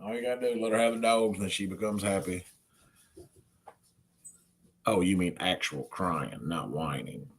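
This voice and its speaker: A vlogger filming at home, cooing at a baby and calling to the dogs in a drawn-out, sing-song voice, caught on a handheld phone. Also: deep voice. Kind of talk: casual home vlog chatter. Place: home, kitchen and living room.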